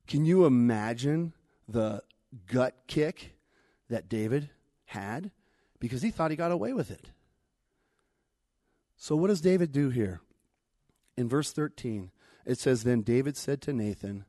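A man preaching a sermon in a conversational way, swinging between loud emphatic lines and hushed ones as he retells a scripture story. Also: on the high side, lively intonation, normal speed, long pauses, dry recording, studio quality.

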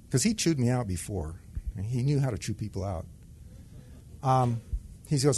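A man's voice: mid-range voice, animated, measured pace, pauses often, warm tone, a little hiss or hum. Man telling a personal testimony. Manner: conversational storytelling that acts out dialogue. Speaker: retired Air Force sergeant giving testimony.

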